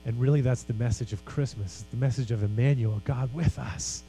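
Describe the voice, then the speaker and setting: A man's voice: medium pitch, fairly quick, warm tone, soft background music, rough recording. A man preaching a sermon as pastor, earnest and emphatic, with casual conversational asides.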